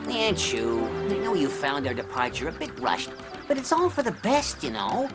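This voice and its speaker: An actor voicing a boastful, sarcastic dragon hunter in an animated series, talking fast and dramatic. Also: mid-range voice, loud music behind the voice. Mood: grandiose. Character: boastful scheming small dragon hunter man.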